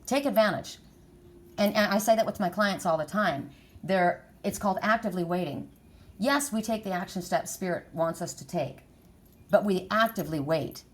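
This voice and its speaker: A woman's voice: medium pitch, moderate pace. A middle-aged woman giving a spiritual oracle card reading, talking in an emphatic, repetitive, encouraging way.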